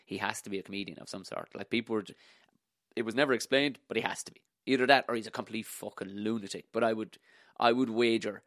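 A man's voice: on the low side, steady tone, quick pace, a bit bright, no room sound, studio quality. An Irish man hosting a podcast, rambling casually and swearing freely with a jokey manner. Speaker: podcast host.

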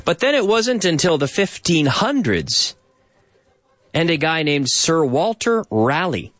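Man, radio host, lively animated delivery, dry studio sound, faint music underneath. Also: on the high side, unhurried, no echo. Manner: animated, explains clips, drops in Spanish translations. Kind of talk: bilingual radio show chat.

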